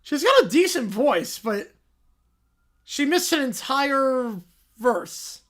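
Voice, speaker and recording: A man's voice: very high voice, sing-song, slow pace, a bit bright. Chatty man hosting a livestream. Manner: chatty, reacting aloud and thanking donors. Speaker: livestream host. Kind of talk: casual livestream reaction commentary.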